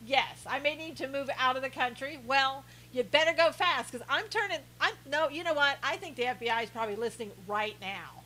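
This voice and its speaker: A woman's voice: high-pitched, lively intonation, normal speed, few pauses, bright, forceful tone, low-quality recording. A woman hosting a live stream, teasing her viewers with heavy sarcasm as she reads their comments aloud and laughs often.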